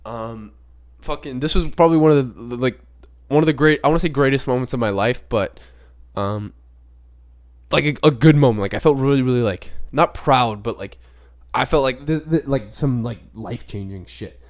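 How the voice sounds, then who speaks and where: A man's voice: medium pitch, moderate pace. A young man hosting a podcast, talking casually in a rambling, profane way with many filler words. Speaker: podcast host. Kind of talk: casual unscripted monologue.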